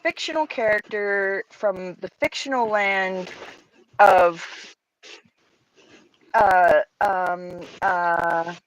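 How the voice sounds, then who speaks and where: Woman, host, video call, playful, teasing, medium pitch, dry sound. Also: extremely slow, long pauses, no room sound, poor audio. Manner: playful and teasing, laughs easily. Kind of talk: casual chat on a video call.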